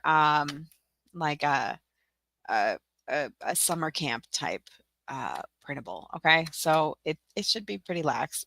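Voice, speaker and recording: Giggly woman from tennessee rambling thru a livestream tutorial, bright lively voice, dry close sound. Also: on the low side, no echo. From Tennessee, USA. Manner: chatty and giggly, rambling with fillers. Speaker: livestream host.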